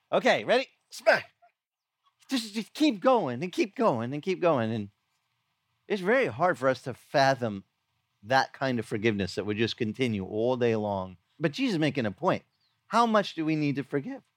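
A man's voice: medium pitch, very animated, normal speed, dry recording, clean studio sound. A middle-aged man preaching a sermon in a conversational, storytelling way, acting out quoted lines. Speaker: pastor. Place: outdoor beach gathering.

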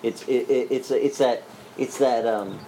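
A man preaching a sermon, telling the story in a lively, joking way, with frequent restarts. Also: medium pitch, measured pace, a little hiss or hum, low-quality recording. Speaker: pastor.

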